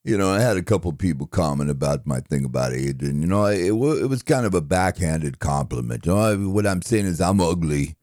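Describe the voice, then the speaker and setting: A man impersonating a gentle, dim-witted middle-aged boxer who mumbles and rambles with halting, self-mocking speech. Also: sits low, animated, dry recording, clean studio sound. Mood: rambling. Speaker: impressionist. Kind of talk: comedic impression monologue.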